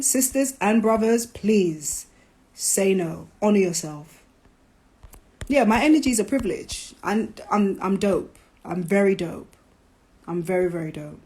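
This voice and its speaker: A woman hosting a live stream, talking casually, animated and preachy, with playful jabs. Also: medium pitch. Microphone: phone.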